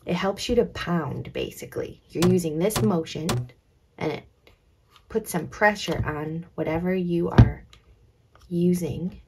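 A woman teaching young children, slow and clear, encouraging them and drawing out words as she sounds them. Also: lowish voice, noisy background. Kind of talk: children's lesson.

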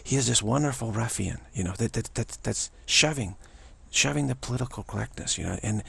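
A man talking off the cuff, circling back and repeating himself with theatrical flair. His voice is extremely gravelly and very raspy. The pitch sits at an ordinary level for a man. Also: a little fast, a bit bright. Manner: rambling, repetitive, theatrical. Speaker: vlogger. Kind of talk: casual spiritual commentary.

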